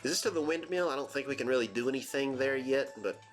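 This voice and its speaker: A man's voice: medium pitch, quick pace, faint music behind. A man casually commenting on a game he plays, joking and self-deprecating. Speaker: let's play host.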